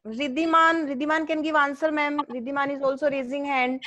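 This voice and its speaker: A woman's voice: high voice, fairly even intonation, a little fast, bright, forceful tone, no echo. A woman with an Indian English accent coordinating an online class, polite and saying ma'am often. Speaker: co-teacher. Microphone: video call.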